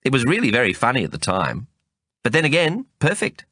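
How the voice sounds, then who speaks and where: A man's voice: medium pitch, wildly swooping pitch, brisk, sharp tone, husky, dry recording, studio quality, pitched above the performer's own voice, heavily acted. A man voicing a composed young woman with an Australian accent, a dryly amused undercover officer, in an audiobook reading.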